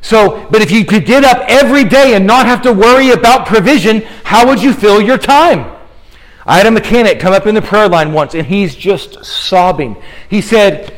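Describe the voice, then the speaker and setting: A man preaching a fervent sermon in a church, slowing down dramatically on key lines and working up a sweat. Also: sits high, lively intonation, rough recording. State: sweating, exerting himself. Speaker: guest preacher. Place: church sanctuary.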